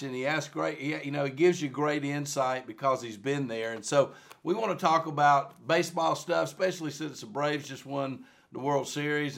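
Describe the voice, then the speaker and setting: A man's voice: fairly high pitch, creaky, a bit bright. A man hosting a podcast, introducing his guest in a loose, rambling way. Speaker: podcast host.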